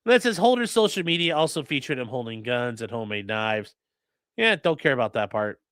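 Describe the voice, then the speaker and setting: A man hosting a livestream as an attorney, giving sarcastic, animated legal commentary. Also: medium pitch, a little fast, clear, resonant tone, no room sound. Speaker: attorney and channel host.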